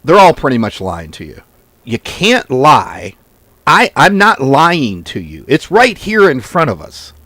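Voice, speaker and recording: A man's voice: mid-range voice, measured pace, no room sound. A man hosting a trading video, talking bluntly in a casual, profane rant that wanders off on tangents. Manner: blunt, profane, animated storytelling; goes off on tangents. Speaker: forex trading video host. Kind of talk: casual ranting monologue to camera.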